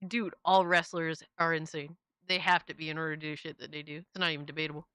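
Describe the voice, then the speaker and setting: A man hosting a casual commentary show, swearing freely and reacting loudly. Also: fairly high pitch, flat delivery, fast talker, smooth, dry recording, clean studio sound. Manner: profane, loud, exclamatory.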